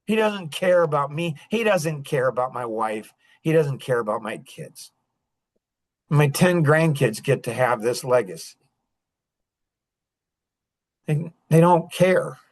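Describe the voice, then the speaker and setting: An older man with a notably high voice speaks as a podcast guest over a video call. His talk is impassioned and indignant, and his pitch swings up and down with emotion. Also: expressive, unhurried, low-quality recording. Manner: indignant and emotional, rising and falling sharply.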